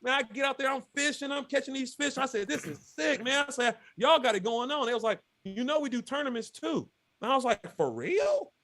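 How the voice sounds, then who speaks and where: A guest angler telling a fishing tournament story in casual, animated fashion, acting out what others said. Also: male voice, very high voice, fairly quick. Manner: lively, acts out quotes of others.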